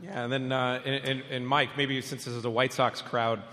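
A man's voice: medium pitch, little pitch movement, moderate pace, bright, forceful tone. A man moderating a live panel, asking questions with many restarts and repeated words. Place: event hall with a crowd. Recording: long hall reverb.

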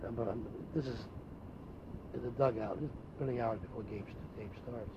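An older man, a former ballplayer, telling animated anecdotes in an interview, with frequent restarts. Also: mid-range voice, brisk. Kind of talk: storytelling interview. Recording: dull lo-fi tape with faint hiss.

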